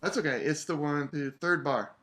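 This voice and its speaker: A man coaching an English horn player in a masterclass, relaxed, singing phrases to show the rhythm. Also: on the high side, normal speed. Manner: relaxed, sings phrases to demonstrate. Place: online video masterclass.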